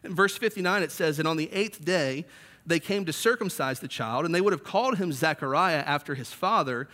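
A man's voice: fairly high pitch, brisk, bright, forceful tone. A man in his thirties preaching a sermon in a conversational way, acting out the voices he quotes. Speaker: pastor.

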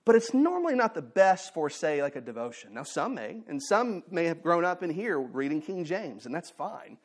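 A man's voice: on the high side, very animated, normal speed. A middle-aged male pastor preaching a sermon in a conversational, playful teaching manner.

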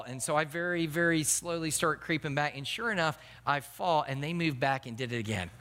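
High, bright-voiced pastor in an echoing sanctuary. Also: male voice, moderate pace, hardly any pauses. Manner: storytelling with acted-out voices and self-deprecating humor. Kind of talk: sermon. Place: church sanctuary. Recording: long hall reverb.

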